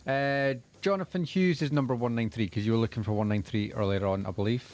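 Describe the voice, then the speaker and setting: A man on a live radio show reading out listener messages in a low-key, matter-of-fact way. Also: fast, darkish tone, a little hiss or hum. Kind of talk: casual live radio chat.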